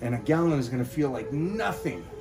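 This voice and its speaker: A man mid-cardio, short of breath, talking straight to his fans in a pumped-up pep talk. His pitch sits in a middling register, and he grabs a breath after every sentence or so. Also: sing-song, a little fast. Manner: pep-talk, addresses viewers directly. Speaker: fitness vlogger. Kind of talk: motivational vlog talk.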